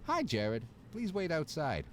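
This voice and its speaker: A man's voice: fairly high pitch, huge pitch swings, measured pace, slight background noise. A man voicing a friendly, folksy stable hand in a video game who chats and encourages. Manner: chatty, encouraging.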